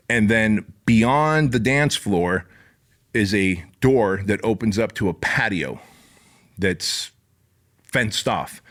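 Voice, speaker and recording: A male podcast host spins a chaotic personal story in loose, casual speech. He swears freely and throws in "like" and "bro" as he goes, animated throughout. His voice sits at an average male pitch. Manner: profane, animated, frequent "like" and "bro".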